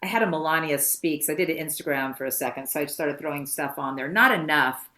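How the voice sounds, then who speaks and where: Low-voiced woman telling animated stories. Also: quick pace, a little hiss or hum. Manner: lively storyteller who acts out quoted voices. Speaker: actress guest. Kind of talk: anecdotal podcast storytelling.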